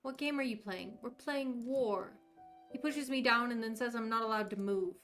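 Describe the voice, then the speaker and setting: A woman's voice: a little high, normal speed, fairly bright tone, soft background music, close to an everyday voice. Game read: a woman playing a hurt, stubborn little boy who whines his complaints. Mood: sulky. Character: sulky young Danish boy, hurt and stubborn.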